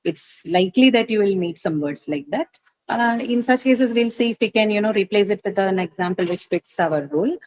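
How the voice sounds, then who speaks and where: A woman's voice: medium pitch, fairly quick, darkish tone, rough recording. Patient woman teacher explaining word stress. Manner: patient, explanatory, many fillers like uh and you know. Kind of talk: classroom lesson on word stress.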